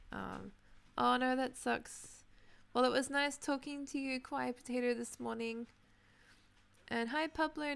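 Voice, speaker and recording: A young woman chatting casually while streaming a building game, reading chat names and clearing her throat, her voice tired from talking. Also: fairly high pitch. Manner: chatty, reads out chat names, many ums. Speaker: Minecraft livestreamer.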